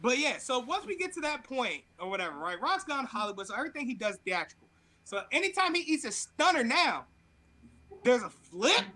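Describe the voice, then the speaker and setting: High-voiced man telling an animated story. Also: brisk, low-quality recording. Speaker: podcast co-host. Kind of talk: casual chat.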